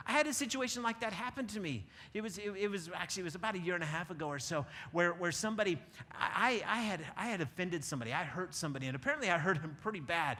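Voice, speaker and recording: High-voiced pastor preaching in a reverberant hall. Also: male voice, animated, fast, pushed and bright. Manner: conversational, repeats words when starting sentences. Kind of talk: sermon. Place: church sanctuary. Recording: long church reverb.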